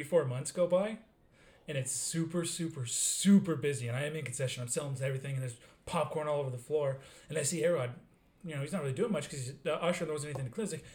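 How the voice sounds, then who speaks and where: A man's voice: fairly high pitch, darkish tone. A man co-hosting a podcast, telling a story in a casual, sarcastic, joking way. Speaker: podcast co-host. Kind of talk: casual chat.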